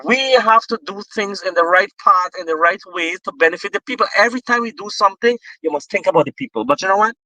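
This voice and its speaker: As a political guest, a Guyanese man discusses politics passionately, restarting his sentences again and again. His high, sharp voice races along with few pauses, captured in a dry, low-quality recording.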